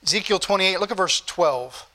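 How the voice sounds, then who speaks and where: A man's voice: high voice, expressive, moderate pace, sharp tone. A man preaching a sermon, reading scripture aloud in King James wording and speaking directly to the congregation. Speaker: pastor.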